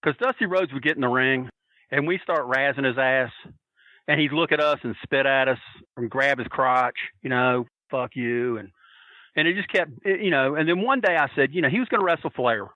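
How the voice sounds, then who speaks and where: A man's voice: mid-range voice, brisk, no echo. A man telling stories in a casual podcast chat, acting out the quoted lines of the people in them. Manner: animated, acts out quoted voices. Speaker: podcast guest. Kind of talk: casual storytelling. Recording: tinny phone-line audio.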